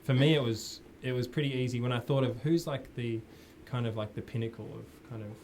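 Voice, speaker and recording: Australian guy, young, mid-pitched, casual rambling talk, faint hiss behind. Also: brisk. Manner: relaxed, rambling, laughs often. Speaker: musician guest. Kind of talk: casual interview chat. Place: radio studio.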